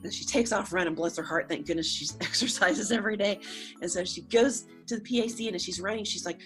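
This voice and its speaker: A woman spins a playful school tale for students, slipping into quoted lines with "she's like" as she goes. Her voice sits at an ordinary middle pitch, with faint music playing under her. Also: fast. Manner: chatty, quotes characters with "she's like". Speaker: school staff storyteller. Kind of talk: casual spoken storytelling.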